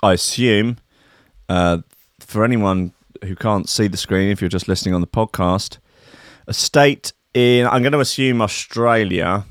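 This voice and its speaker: A man's voice: on the low side, measured pace, no room sound, clean studio sound. A young man hosting a comedy podcast, rambling and swearing as he riffs on news stories. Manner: profane, riffing, slips into mock voices. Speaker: podcast host.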